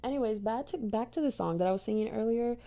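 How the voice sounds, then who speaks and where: A woman's voice: on the high side, fast talker, warm tone. A young woman filming a casual makeup tutorial in her bedroom, rambling and joking with her viewers about powder, with poor-quality audio. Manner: goofy, rambling, self-mocking, talks to viewers as "y'all" and "girl". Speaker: makeup vlogger.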